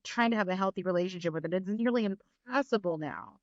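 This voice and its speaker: A woman guest in a casual podcast interview, chatting in an animated, storytelling way. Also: mid-range voice, quick pace, dry recording, muffled recording. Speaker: actress guest.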